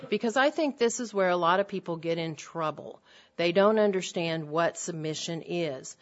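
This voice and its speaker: A middle-aged woman giving an earnest, emphatic church lecture to women, repeating her key phrases. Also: mid-range voice. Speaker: women's Bible teacher. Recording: dull lo-fi lecture recording.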